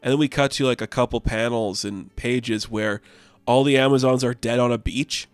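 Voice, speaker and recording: A man giving a casual comic book recap in a rambling way, full of "like" and quick asides. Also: mid-range voice, steady tone, clear, resonant tone, no room sound. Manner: rambling, filled with "like".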